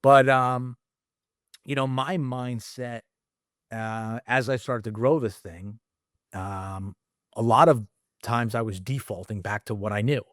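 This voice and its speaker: A man's voice: on the low side, no echo, studio quality. A middle-aged man talking candidly as a podcast guest, casual and rambling, swearing freely. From United States. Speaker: guest entrepreneur.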